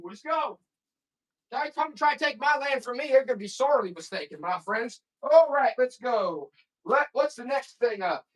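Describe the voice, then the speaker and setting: With a very high, fairly bright voice, this man hosts a laid-back live-selling stream as an auction seller. He rambles and works himself up into folksy rants between items, addressing listeners as "boy."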